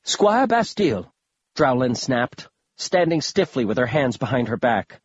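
Husky wry male audiobook narrator. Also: medium pitch, normal speed, no echo, lo-fi sound. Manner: wry, conversational storytelling. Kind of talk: first-person audiobook narration.

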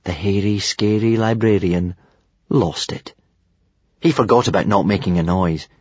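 A man's voice: fairly low pitch, breathy edge, no echo. A man narrating a children's storybook expressively, in a slightly muffled dry recording. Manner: expressive, unhurried. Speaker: audiobook narrator.

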